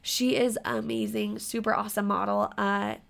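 Bubbly woman with a gravelly edge. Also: mid-range voice, little pitch movement, fairly bright tone. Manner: bubbly, giggly, talks in quick bursts. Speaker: podcast guest. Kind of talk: casual podcast chat.

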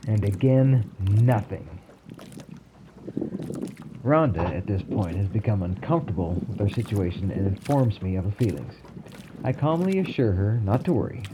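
A man narrating a personal story in a calm, wry way. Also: fairly low pitch, normal speed, noisy background.

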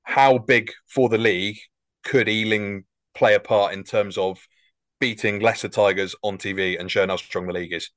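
A man's voice: lowish voice, steady tone, normal speed, fairly bright tone, no echo. A man hosting a podcast, easygoing as he puts questions to his co-host. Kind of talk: casual podcast chat.

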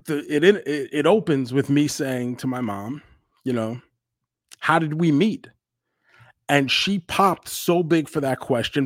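A man co-hosting a podcast in casual chat, talking candidly and with a lot of swearing, often breaking into loud re-enacted quotes. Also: a little high, dry recording, clean studio sound. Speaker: podcast co-host.

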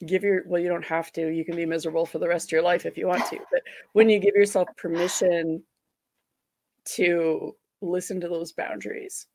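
A woman co-hosting a podcast speaks frankly and emphatically, with a wry edge. Her voice is lowish with a gravelly fry. The sound is dry and close to the mic. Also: little pitch movement, normal speed, dark tone, dry recording. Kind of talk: casual podcast conversation.

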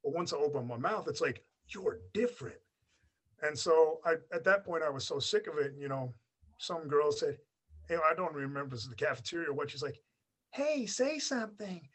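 A man's voice: on the high side, fast, fairly bright tone. Chatty man with a blended American-Australian accent. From Australia, raised by an American family. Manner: rambling, chatty, many "like" fillers. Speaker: guest. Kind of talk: casual storytelling interview.

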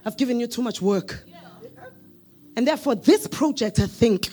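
A woman with a South African accent putting on a calm office manager who is gently handing out work. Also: faint music behind. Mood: gently soothing. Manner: low, gentle, measured.

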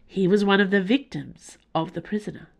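A woman reading a story and voicing a dignified female dignitary who speaks gravely. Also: medium pitch, brisk. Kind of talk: audiobook character voice.

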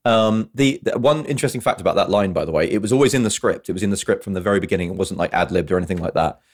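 A man with a fairly low voice, chatting on a film podcast. He walks through movie scenes step by step and drops into quoted lines as he goes. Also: very fast, husky. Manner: animated storyteller, retells scenes with quoted lines. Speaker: podcast host. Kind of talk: casual film podcast chat.

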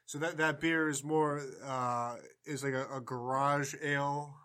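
A man's voice: a little high, fairly even intonation, normal speed, fairly bright tone, clear, resonant tone. A man hosting a casual sports podcast, talking loosely with plenty of fillers as he runs the beer reviews. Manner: rambling, easygoing, filler-heavy. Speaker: podcast host.

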